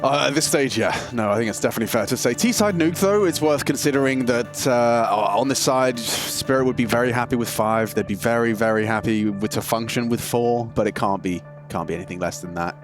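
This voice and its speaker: A man giving color commentary on an esports match, chatty and analytical, jumping into excited reactions. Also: medium pitch, a little fast, hardly any pauses. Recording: broadcast mix with music underneath.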